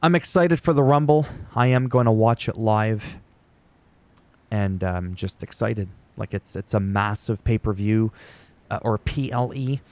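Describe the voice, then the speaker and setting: A man's voice: lowish voice, measured pace, darkish tone. A middle-aged man hosting a casual wrestling recap, rambling and chatty, joking at his own expense. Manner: rambling, chatty, laughs at himself.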